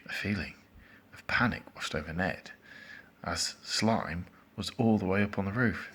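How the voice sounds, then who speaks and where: A man reading a children's storybook aloud, expressive, with dramatic pauses. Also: sits low, slightly rough.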